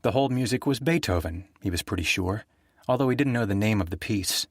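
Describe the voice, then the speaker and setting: A man narrating a thriller audiobook in a steady, even storytelling manner. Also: fairly low pitch, a little fast, dry recording, clean studio sound.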